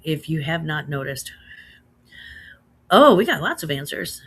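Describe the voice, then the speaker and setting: A chatty woman in her thirties with a Midwestern American accent hosts a relaxed livestream from home, reading chat casually. Her bright, forward voice is fairly low with a breathy edge. Loose and friendly, she slips into slang like "girl" and "slaps" and laughs easily and often between comments.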